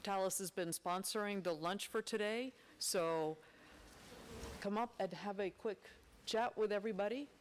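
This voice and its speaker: A woman's voice: medium pitch, normal speed. A woman moderating a conference session, upbeat and gracious in her remarks. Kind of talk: hosting remarks. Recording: long hall reverb, faint noise.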